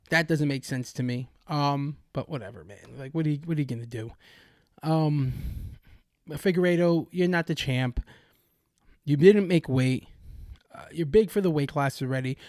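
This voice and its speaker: A man's voice: mid-range voice, a little mellow, no echo, clean studio sound. A young man hosting a podcast, giving heated sports commentary as a profane, restless rant full of restarts. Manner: angry ranting, profane, many restarts. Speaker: podcast host.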